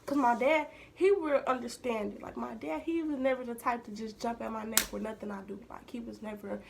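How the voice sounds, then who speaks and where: Young woman vlogger, storytime delivery, slightly high voice with plenty of vocal fry, chatty asides to the audience. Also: fairly even intonation, a little fast, background noise. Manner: chatty, addresses viewers directly, drops into hushed asides. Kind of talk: casual storytime to viewers.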